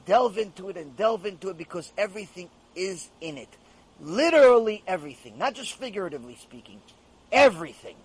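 A man's voice: high voice, big pitch swings, a little fast, slightly rough, low-quality recording. A rabbi giving an emphatic Torah lecture and repeating his key phrases for emphasis.

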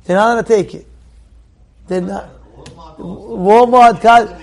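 A man giving a sermon as a rabbi, animated, acting out little dialogues and repeating phrases. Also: sits high, slow pace, vocal fry. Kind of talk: sermon with storytelling.

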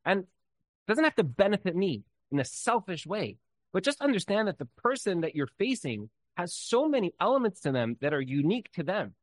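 A man's voice: sits high, fairly quick, no room sound, poor audio. A man teaching an informal Torah class, talking loosely with many fillers and telling stories with energy. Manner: conversational, many "like" fillers, lively storytelling.

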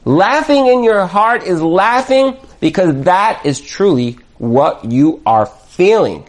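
Animated high-voiced male Torah teacher. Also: slow pace. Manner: animated, acts out dialogues. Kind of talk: spoken Torah lesson.

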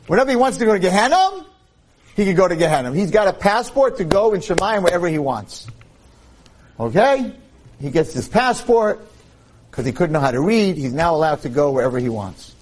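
A man speaking at a religious event, telling a joke story in an animated way. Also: sits high, brisk, a little hiss or hum. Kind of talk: storytelling in a talk.

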